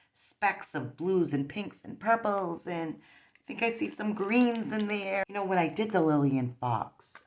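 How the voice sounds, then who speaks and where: A woman with a strikingly deep, low voice talks her way through a nail polish strip tutorial. She rambles casually, circling back on herself with plenty of ums and you-knows. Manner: rambling, chatty, many fillers.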